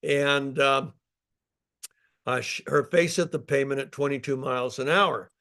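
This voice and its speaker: A man's voice: medium pitch, steady tone, moderate pace, fairly bright tone. An older man, a company founder, giving a live product talk in an emphatic storytelling way, with many fillers and restarts.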